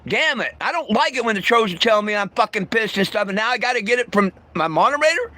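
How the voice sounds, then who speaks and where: A man's voice: high-pitched, expressive, quick pace, bright, forceful tone. A man talking bluntly and profanely to his livestream viewers, stumbling over his words and restarting often. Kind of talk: casual livestream rant.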